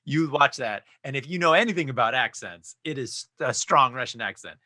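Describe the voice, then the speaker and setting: Male actor guest, expressive storyteller, very lively pitch, dry close sound. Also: moderate pace, no room sound. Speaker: podcast guest, actor and improv teacher. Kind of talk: casual podcast chat.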